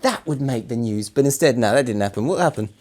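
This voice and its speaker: A man's voice: medium pitch, animated, fast talker, a little mellow. Theatrical rambling London man. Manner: theatrical, rambling and jokey with grand flourishes. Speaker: co-host. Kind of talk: playful casual chat.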